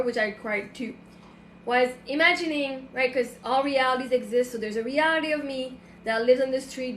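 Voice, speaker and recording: A woman's voice: on the high side, a bit bright, reverberant, a little hiss or hum. A woman chatting casually on a late-night livestream. She talks in an emotional, rambling way, full of fillers and restarts, and at times sounds close to tears. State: tearful at times. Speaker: livestream host. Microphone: phone.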